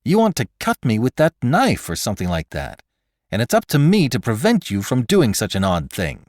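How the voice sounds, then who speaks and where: An actor voicing a calm, logical, reasonable man who explains things earnestly in a storybook reading. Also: medium pitch, moderate pace, no room sound, clean studio sound, pitched above the performer's own voice. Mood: insistent.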